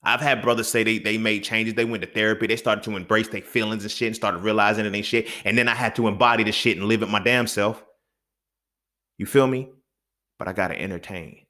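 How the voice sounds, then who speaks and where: A young man hosting a solo podcast, ranting with heavy profanity and swinging between loud outbursts and low mutters. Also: steady tone, fairly quick. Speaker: podcast host.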